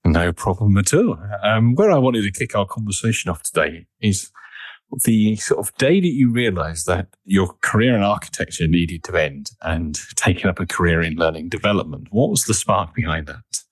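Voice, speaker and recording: Male podcast host, deep voice, dry close sound, easy scripted delivery. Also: moderate pace, no room sound. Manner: scripted introduction then relaxed questions. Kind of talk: podcast interview.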